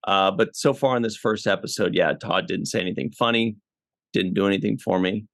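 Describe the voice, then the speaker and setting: A man's voice: on the low side, fairly quick, a bit bright, no echo, studio quality. A man hosting a casual podcast, asking questions and teasing his guests. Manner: joking, teasing. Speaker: podcast host.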